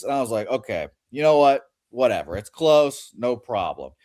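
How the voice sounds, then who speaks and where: A man's voice: mid-range voice, big pitch swings, normal speed, darkish tone, no room sound. Blunt man telling a story, dry sound. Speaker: podcast co-host. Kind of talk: casual storytelling.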